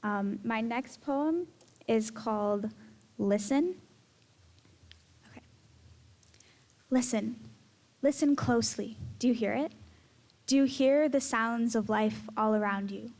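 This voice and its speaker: A teenage girl reading her own poems aloud in a measured, earnest way. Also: on the high side, darkish tone. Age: teens. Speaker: student poet. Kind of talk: poetry reading.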